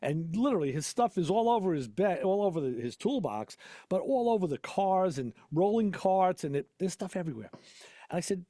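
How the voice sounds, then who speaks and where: A man's voice: high voice, lively intonation, brisk, warm tone, no room sound, clean studio sound. A man hosting a casual talk show, a mechanic who tells rambling shop stories with frequent laughs. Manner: rambling storyteller, laughs often. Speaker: podcast host and auto mechanic. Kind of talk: casual chat.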